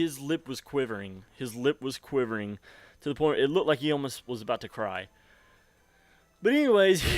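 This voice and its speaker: A man's voice: a little high, no room sound. A nineteen-year-old man telling a rambling, profane story on his gaming channel, laughing often, into a desk mic. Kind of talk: casual storytelling while gaming. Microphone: desk microphone.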